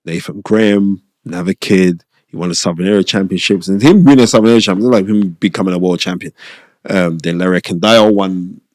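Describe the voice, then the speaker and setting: A middle-aged man with a British accent spins stories as an interview guest, his voice sitting low and recorded dry with no room around it. He is animated and slips into raised, lively voices when he quotes other people. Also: brisk, no room sound. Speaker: boxing promoter and pundit, guest. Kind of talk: casual storytelling interview.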